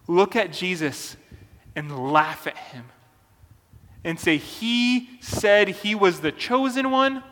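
A man preaching a sermon as a pastor, earnest and deliberate, with emphatic pauses. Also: high-pitched, fairly bright tone, in a large hall.

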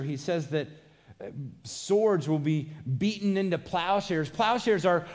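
Guy preaching a sermon, kinda high voice, earnest, lots of rhetorical questions. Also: a little mellow. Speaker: pastor.

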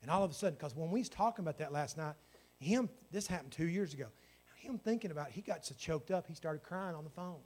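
A man's voice: on the high side, lively intonation, fast talker, a little mellow. A man, a pastor telling a story in his sermon and then praying with fervour. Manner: storytelling that builds to fervent praying.

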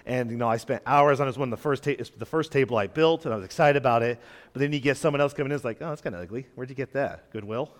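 A man's voice: mid-range voice, very fast, big-room sound. A young adult man preaching a sermon as a guest preacher in a church, talking in a conversational way, acting out quoted voices and joking with the congregation. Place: church sanctuary.

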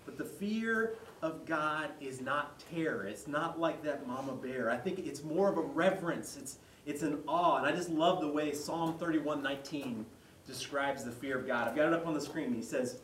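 A male pastor giving a conversational sermon, retelling a story with lively quoted voices. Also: a little high, moderate pace, slight background noise. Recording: echoey hall, mic far off.

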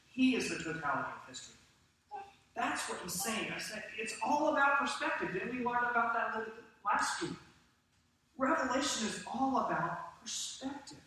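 A man preaching a sermon to his congregation with animated delivery and questions to the room. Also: very high voice, distant mic. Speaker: pastor. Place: church sanctuary. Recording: echoey church hall from off-mic.

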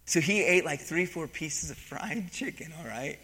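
A man preaching a sermon, telling a story from his coaching days with animated emphasis and acted-out quotes. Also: on the high side, normal speed, slightly rough. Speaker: pastor and former wrestling coach. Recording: long hall reverb.

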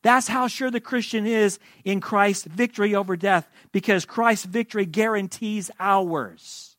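A man delivers a sermon in a fairly high voice, swinging from forceful, raised emphasis to hushed, low asides. The recording is dry and close, with no room echo. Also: a little slow. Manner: dynamic preaching, swings between loud emphasis and soft asides. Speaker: pastor.

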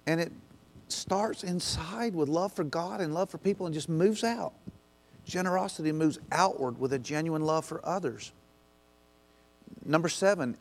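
A man preaches a sermon with a slightly high voice. He talks to the congregation in a conversational way, with quick acted asides, and presses them hard when he urges them on. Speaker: pastor.

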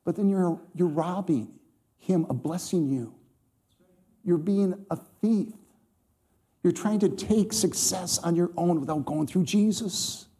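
A man's voice: high voice, slow pace, warm tone. A man preaching a sermon to a congregation, quoting scripture and speaking to the listeners directly with emphatic rhythm.

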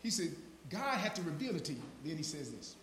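A man preaching an informal sermon with fervor, calling listeners by name, repeating "now watch this" and building to shouted peaks. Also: on the high side, sing-song, a little fast, slight background noise. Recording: roomy echo.

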